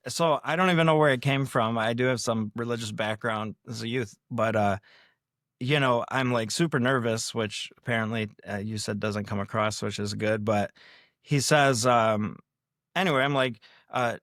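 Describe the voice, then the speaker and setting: A man's voice: mid-range voice, moderate pace, a bit bright, no echo, clean studio sound. Rambling self-deprecating male podcast guest. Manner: rambling, self-deprecating, acts out quoted lines. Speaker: podcast guest, prank video creator. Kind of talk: casual storytelling.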